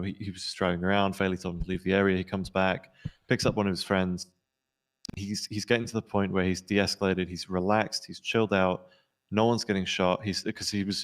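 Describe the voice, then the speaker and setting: A man with a fairly deep voice plays a police officer in a role-play. He tells the story of a standoff in a rapid debrief, acting out each quoted line. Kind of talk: in-character debrief recounting an incident.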